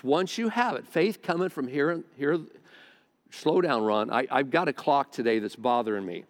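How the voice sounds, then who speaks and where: A male pastor preaching a sermon to a congregation on a close microphone, talking conversationally with stammered restarts and side remarks. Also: medium pitch. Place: large hall with a congregation. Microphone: close mic near the face. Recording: long church-hall reverb.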